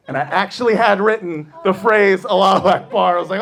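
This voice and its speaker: A man's voice: high voice, quick pace, a bit bright. A man telling a profane story in a stand-up comedy set, brash and laughing along as he goes.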